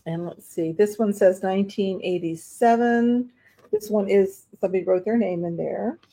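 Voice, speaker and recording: A chatty woman sells items on a live stream as an online auction seller, speaking in a mid-range voice at a moderate pace. She rambles, is warm toward bidders, and fills her talk with fillers.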